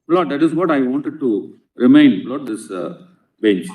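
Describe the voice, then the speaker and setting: Indian-accented advocate, roomy courtroom echo. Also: male voice, mid-range voice, animated, unhurried, warm tone. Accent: Indian English. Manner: earnest, inserts "Lord" before nearly every phrase. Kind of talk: courtroom legal argument. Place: large courtroom. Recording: echoey courtroom, distant mic.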